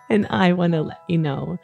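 A woman hosting a children's podcast, talking gently and soothingly at bedtime, coaxing listeners along with playful pretend yawns. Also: on the low side, vocal fry, narrow, tinny audio. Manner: soft, soothing and encouraging, with playful drawn-out yawns. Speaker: kids podcast host.

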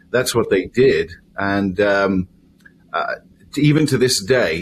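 A middle-aged man from the United Kingdom, a chaplain answering interview questions in a measured, hesitant way with many pauses. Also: on the low side, a little hiss or hum. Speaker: guest, volunteer chaplain.

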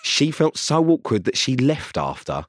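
A man's voice: mid-range voice, sing-song, normal speed. A man in his thirties co-hosting a podcast in casual chat, ribbing his partner with dry, teasing banter. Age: 30s. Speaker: podcast co-host.

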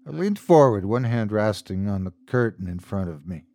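A man narrating a scripted horror story as host, in a measured, dramatic storytelling manner. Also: on the low side, expressive, mellow, no echo.

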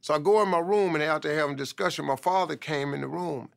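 A man's voice: a little high, fast, creaky. A man telling a life story in an emphatic motivational style, often stressing points with "man".

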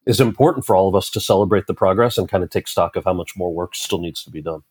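Low-voiced man telling a lively story. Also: fast talker, slightly rough, dry recording. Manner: animated storyteller, acts out quoted dialogue. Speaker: actor and author, interview guest. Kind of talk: storytelling in a conversational interview.

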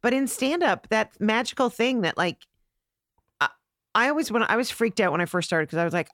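A woman's voice: a little high, expressive, fairly quick, a bit bright, no room sound, clean studio sound. A middle-aged woman, a comedian and podcast guest, chatting earnestly and reflecting on her work. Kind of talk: casual chat.

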